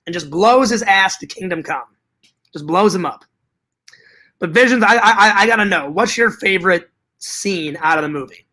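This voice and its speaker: A man's voice: high-pitched, animated, moderate pace, pushed and bright. A man hosting a casual livestream chat, reading viewer comments aloud and rambling, repeating himself and swearing freely.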